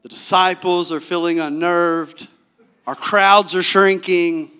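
A man's voice: sits high, fairly even intonation, slow, sharp tone, smooth, heavily acted. A male preacher acting out Peter, a pushy man trying to coach Jesus in a confiding, bossy tone.

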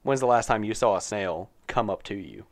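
A man's voice: lowish voice, expressive, fairly quick. A young man co-hosting a casual podcast, joking crudely and laughing often. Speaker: podcast co-host.

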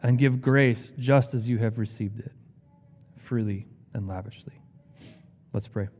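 A man's voice: a little slow, darkish tone, a little hiss or hum. A man preaching a sermon as pastor, reading scripture with rising, impassioned emphasis. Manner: impassioned, rising in pitch when quoting scripture. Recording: long hall reverb.

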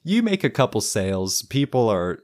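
A man's voice: on the low side, big pitch swings, normal speed, a little mellow. A young man narrating as game master of a tabletop game, improvising loosely with lots of restarts.

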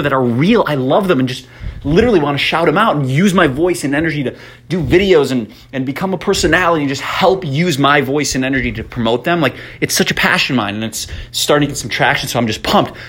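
A young man hosting his own podcast in an upbeat, excitable way, full of fillers and slightly out of breath from pacing. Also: on the high side, quick pace, breathy edge. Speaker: podcast host. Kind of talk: casual solo podcast monologue.

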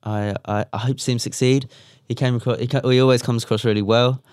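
A young man co-hosting a casual chat, given to animated, mock-exasperated rants. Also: mid-range voice, fast talker, smooth, no room sound, clean studio sound.

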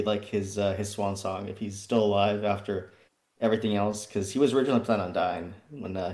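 A man's voice: fairly low pitch, a little mellow. A man chatting on a podcast as a player, telling stories in a rambling way and laughing often. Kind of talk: casual chat.

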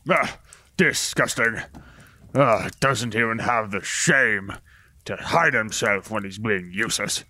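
A man playing a stiff, lofty warrior with a bright voice. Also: on the low side, slow, heavily acted. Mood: disdainful. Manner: stiff, archaic, lofty speech. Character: formal, pious male knight-like warrior.

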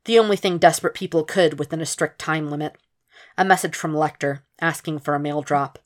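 Low-voiced woman narrator, steady measured fan fiction reading. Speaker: podfic reader.

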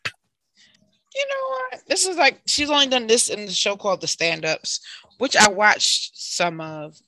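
A woman co-hosting a casual chat, animated and quick to laugh. Her voice is bright and forceful, recorded dry and close. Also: medium pitch, no room sound. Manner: chatty, animated, laughs often. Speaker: co-host.

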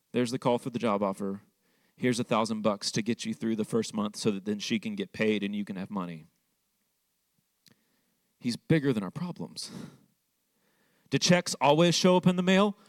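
Young preacher with a drawl, chatty. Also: male voice, mid-range voice, moderate pace, pauses often, dry recording. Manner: conversational, fillers like "like". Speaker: pastor. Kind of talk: sermon with personal story.

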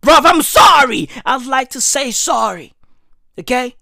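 A woman delivering a loud, profane comedic rant that keeps breaking into shouts. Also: high voice, lively intonation, unhurried, vocal fry, no room sound, studio quality. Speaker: vlogger.

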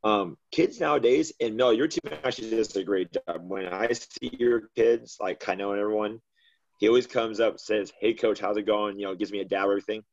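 A man with a low voice tells a story in casual chat, the sound dull and lo-fi. He is a youth coach with a sarcastic streak. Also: brisk.

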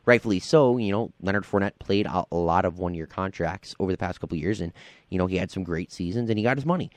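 A man with a lowish voice hosts a laid-back sports talk show on college radio. He rambles and fills gaps with ums and you-knows, sounding affable. The sound is dry and close. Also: fast talker, no echo. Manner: rambling, filler-heavy, affable.

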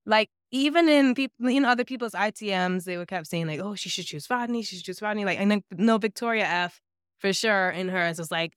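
A young woman co-hosting a podcast, chatting casually about a reality show and reacting quickly. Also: mid-range voice, clean tone, no room sound, clean studio sound. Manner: agreeable, backchannels and quick reactions. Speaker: podcast co-host.

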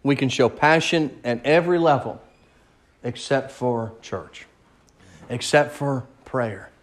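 A man's voice: medium pitch, slow. A man preaching a sermon in an impassioned, pleading way, repeating words and building to outbursts.

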